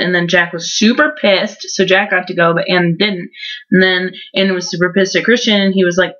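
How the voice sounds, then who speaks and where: A woman's voice: on the low side, steady tone, moderate pace, fairly bright tone. Young woman in her 20s, sarcastic vlogger, mocking book recap, muffled lo-fi sound. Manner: mocking, sarcastic, heavy use of "like". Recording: dull lo-fi home recording.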